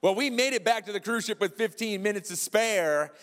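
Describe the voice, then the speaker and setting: A man's voice: sits high, fairly quick, fairly bright tone, in a large hall. A man pastor preaching a sermon in a church, emphatic and repeating his key lines. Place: large church sanctuary.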